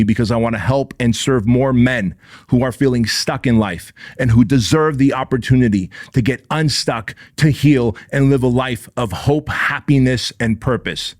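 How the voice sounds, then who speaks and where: A man hosting his own show, delivering a forceful motivational monologue in punchy, repetitive phrases with some swearing. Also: mid-range voice, moderate pace, dry recording, studio quality. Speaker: podcast host.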